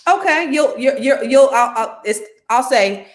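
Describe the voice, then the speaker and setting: Teasing woman with a lively voice. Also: high-pitched, a little slow. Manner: teasing, laughs easily. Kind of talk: casual relationship talk.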